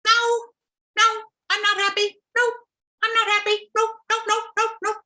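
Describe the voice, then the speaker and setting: A woman voicing an excitable little male fish who begs to fly, in a high, pleading, eager voice. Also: moderate pace, heavily acted.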